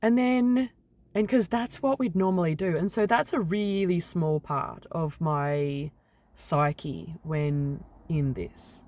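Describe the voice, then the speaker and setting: Woman, rambling personal vlog, unhurried delivery, close dry recording. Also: low-pitched, no room sound. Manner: rambling, animated when venting, mild swearing. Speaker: vlogger.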